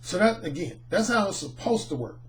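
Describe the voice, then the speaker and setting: A middle-aged man, a dating coach, telling a personal anecdote in an animated, storytelling way. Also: high voice, fairly quick, slight background noise. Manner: animated, acts out the people in his anecdotes. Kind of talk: storytelling monologue.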